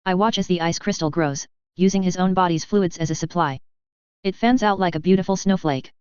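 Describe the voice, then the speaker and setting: A woman with a low, very clean voice reads a fantasy story in first person. Her delivery is even and measured. The recording is dry and a little dull. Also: clean tone, dry recording. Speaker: audiobook narrator. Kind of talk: scripted first-person narration. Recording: slightly dull, dry audio.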